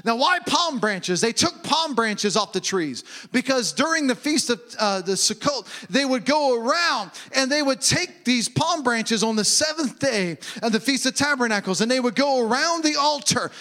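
High, bright impassioned male preacher. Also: animated, moderate pace, hardly any pauses. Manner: impassioned, shouts and drops to low murmurs. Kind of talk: sermon.

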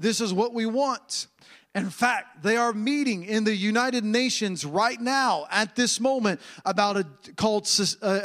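A man's voice: sits high, a bit bright. A man preaching a sermon, emphatic and repetitive, with an uneven, stop-and-start pace.

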